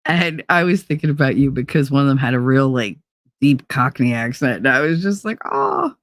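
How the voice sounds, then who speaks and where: A woman's voice: extremely low pitch, animated, fairly quick, no room sound, clean studio sound. Blunt, profane woman chatting to a stream. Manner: blunt, profane, laughing storyteller; slips into put-on accents and voices. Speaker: livestream talk show host. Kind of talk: casual chat to a live chat audience.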